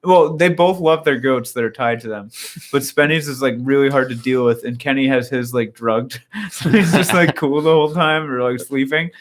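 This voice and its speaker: A young man co-hosting a podcast, chatting casually and retelling stories with lively energy and laughter. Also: mid-range voice, normal speed. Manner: animated storyteller, acts out quotes with laughter. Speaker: podcast co-host. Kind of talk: casual chat.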